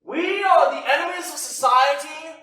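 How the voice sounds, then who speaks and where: A man's voice: very high-pitched, normal speed, sharp tone. A man acting a fiery male anarchist firebrand on an amateur stage, declaiming with passion. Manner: impassioned, declaiming. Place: church hall stage, from far off. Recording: echoey hall, distant mic, faint noise.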